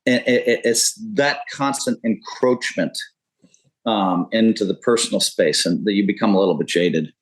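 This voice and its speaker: Podcast guest, man in his fifties, deep-ish, talks in loose candid rambles. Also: normal speed, poor audio. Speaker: podcast guest, poker pro. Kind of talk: casual interview talk.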